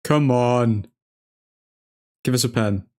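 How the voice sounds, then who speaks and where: A man hosting a live football watchalong, reacting to each chance with loud excitement and grumbling at the referee. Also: mid-range voice, slow. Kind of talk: live match commentary.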